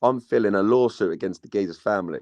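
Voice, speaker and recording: A man's voice: lowish voice, fast, a little mellow, muffled recording. A young man, chatting casually about football on a panel. He rambles, swears a lot and drops plenty of slang.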